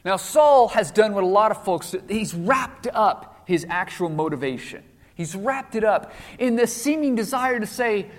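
Casting: lively male preacher, sermon style, long hall echo. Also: sits high, moderate pace, few pauses. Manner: animated storytelling with acted quotes.

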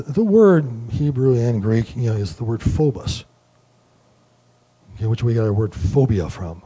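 A man giving a relaxed Bible study lecture, explaining word meanings and thinking aloud with many fillers. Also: mid-range voice, breathy edge. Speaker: Bible teacher.

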